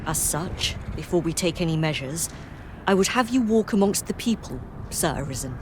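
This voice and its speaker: Woman voicing a formal noble leader in a fantasy game, measured old-timey talk, lowish voice. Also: animated, noisy background, close to an everyday voice. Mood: grave, formal. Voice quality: measured, formal archaic diction. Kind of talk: video game dialogue.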